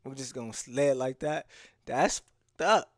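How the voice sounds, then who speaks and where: A man's voice: mid-range voice, moderate pace, no echo. A man giving loose, slang-heavy reaction commentary on a livestream, talking straight to his viewers and restarting his sentences often. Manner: addresses the audience directly. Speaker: streamer reacting to a video.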